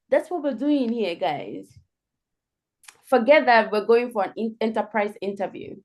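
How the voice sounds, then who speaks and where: A woman leading a live group coaching call over video, playful and animated, acting out sample answers as she explains them. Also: fairly high pitch, a little fast. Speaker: career coach.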